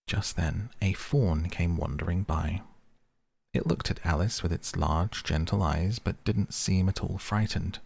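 A man narrating a classic children's story in a steady storytelling read. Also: low-pitched, moderate pace, gravelly, breathy edge.

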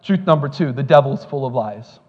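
A man's voice: mid-range voice, expressive, a little fast, long reverb tail, dull audio. A male pastor preaching a sermon, telling joking stories before building to fervent preaching at a church service.

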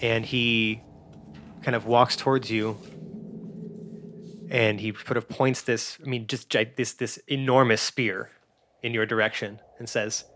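A man's voice: medium pitch, little pitch movement, a little slow, pauses often, a bit bright. A man narrating a tabletop game as game master, rambling with lots of fillers.

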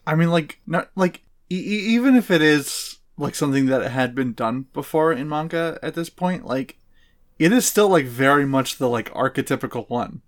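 Relaxed male podcast co-host. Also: medium pitch, normal speed. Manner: relaxed, agreeable, hedging. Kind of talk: casual chat.

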